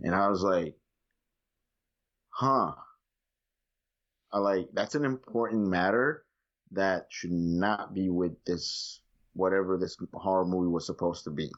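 Thirties dude, lower voice, chill podcast rant, kinda muffled lo-fi audio. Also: male voice. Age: 30s. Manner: laid-back, quick to swear and laugh. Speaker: podcast co-host. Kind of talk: casual chat. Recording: dull lo-fi sound.

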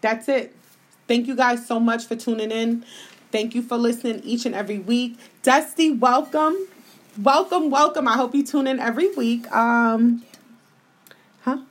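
A woman's voice: a little high, little pitch movement, moderate pace. Blunt, profane woman hosting a podcast. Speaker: podcast host. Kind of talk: casual opinion talk on a live podcast.

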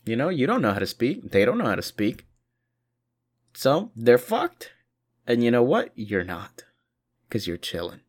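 A man's voice: medium pitch, huge pitch swings, unhurried, long pauses. Tired, swearing man rambling animatedly. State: tired, short on sleep. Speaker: vlogger. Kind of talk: rambling casual monologue.

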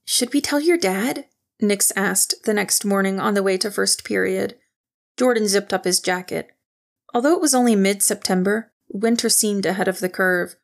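A woman reading a novel aloud in steady, even storytelling narration. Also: medium pitch, normal speed, vocal fry. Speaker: audiobook narrator. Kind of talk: scripted narration.

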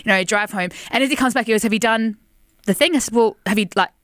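Fast-talking woman radio host. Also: on the high side, no echo. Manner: animated storyteller, acts out quotes. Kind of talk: casual radio chat, storytelling.

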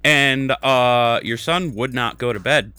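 A man's voice: mid-range voice, slow, pushed and bright, smooth, no room sound. A man in his thirties hosting a podcast, talking bluntly and joking with some swearing. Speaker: podcast host. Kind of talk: casual chat and game news.

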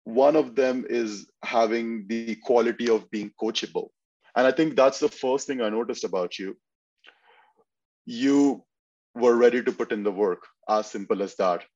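A man who coaches fitness posing, talking in an earnest, measured way as a podcast guest. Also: mid-range voice, fairly even intonation, darkish tone, muffled recording. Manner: earnest, measured, explains step by step. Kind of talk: casual interview talk.

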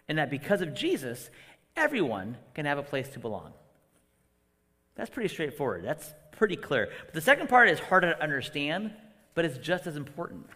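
A man preaches with a high, bright voice that swings wildly up and down. His delivery is animated, leaping from hushed whispers to loud bursts as he acts out quotes, and the sound rings with the long reverb of a large hall. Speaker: guest preacher. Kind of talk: sermon.

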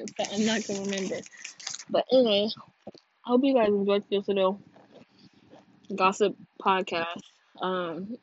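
A young woman from California talks loosely through a solo gossip podcast, high and drowsy, cursing as she rambles. Her voice jumps from loud to a low mumble. The recording is dry and a little dull. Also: dry recording. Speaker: podcast host. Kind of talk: casual gossip podcast monologue.

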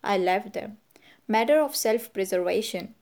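A woman's voice: mid-range voice, expressive, a little slow, a little mellow. A woman reading the part of a cynical adventurer who talks in a cool, offhand, amused way.

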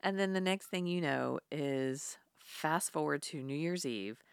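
A woman's voice: low voice, unhurried, vocal fry, clean tone, no room sound, studio quality. A woman co-hosting a casual chat, retelling a film's plot with laughs and casual swearing. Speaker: podcast co-host. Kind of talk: casual film recap chat.

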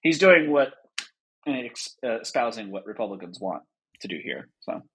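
A man's voice: medium pitch, lively intonation, moderate pace, fairly bright tone, slightly rough. A man co-hosting a podcast in casual chat, jokey and teasing, laughing easily. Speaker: podcast co-host.

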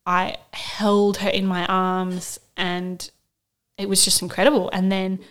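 A woman's voice: mid-range voice, flat delivery, takes it slowly, a bit bright, clear, resonant tone. Candid woman telling her birth story. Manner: candid, storytelling, quotes herself with bursts of emotion. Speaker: podcast co-host sharing her birth story. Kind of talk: casual chat.

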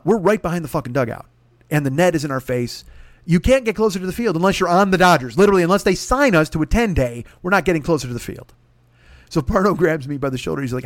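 Profane, animated man telling a story. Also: fairly high pitch, no echo. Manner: animated, swears constantly, acts out other people's lines. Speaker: podcast host telling a story.

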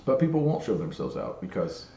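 A man's voice: on the low side, big pitch swings, fairly quick, creaky, over a noisy crowd. A man co-hosting a podcast, chatting casually with wry quips and frequent agreeing interjections. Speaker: podcast co-host. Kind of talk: casual chat. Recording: echoey room, dull lo-fi sound, faint noise.

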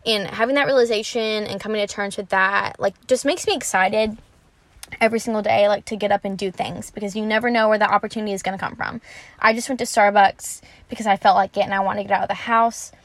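Speaking quickly at a medium pitch with no echo, this young woman is a Christian vlogger doing a casual faith talk to camera. She's chatty and sincere, peppering her speech with "um" and "like," and livens up when recounting conversations.

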